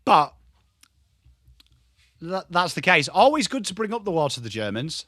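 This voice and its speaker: An English man hosting a live football watchalong, chatting with his viewers and swearing casually while he calls the play and shouts at big moments. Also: high-pitched, big pitch swings, normal speed, long pauses, no echo, studio quality. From England. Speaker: livestream host.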